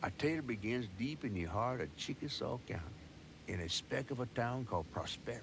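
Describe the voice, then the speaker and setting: A man's voice: medium pitch, lively intonation, a little fast, noisy background, close to an everyday voice. A man voicing a folksy storyteller. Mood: storytelling. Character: folksy male Southern storyteller narrating a tale. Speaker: game narrator. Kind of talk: scripted folktale narration. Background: game music.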